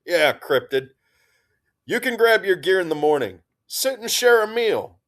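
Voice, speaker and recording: A man's voice: high voice, big pitch swings, a little slow, a bit bright, pitched above the performer's own voice, full character voice. A man doing a cheerful welcoming woman soldier.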